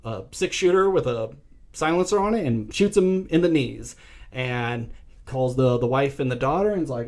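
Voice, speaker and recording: Young adult male co-host: lively, casual storyteller who acts out the quotes, medium pitch. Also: moderate pace. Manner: animated retelling with acted-out quotes. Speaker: podcast co-host. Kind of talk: casual movie recap chat.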